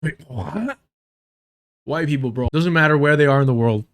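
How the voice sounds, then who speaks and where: A man's voice: on the high side, fast, smooth. A man hosting a live stream, ranting in profane, mocking commentary while reacting to a debate clip. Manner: profane, mocking, animated rants to chat. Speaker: streamer host reviewing a debate.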